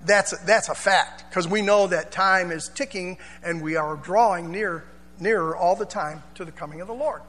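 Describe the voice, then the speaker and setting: A man's voice: high voice, normal speed, a bit bright, big-room sound. A male pastor preaching a sermon in a church, chatty and informal, with asides and call-and-response.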